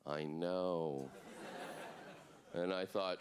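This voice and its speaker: A man doing a stand-up comedy set on a club stage, deadpan with sudden put-on voices in his bits. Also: fairly low pitch, moderate pace, background noise.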